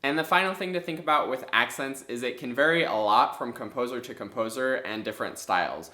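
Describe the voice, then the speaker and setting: A man teaching music in an instructional video, explaining step by step in a clear, methodical way. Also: mid-range voice, fairly quick, bright, forceful tone. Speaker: clarinet teacher. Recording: echoey room.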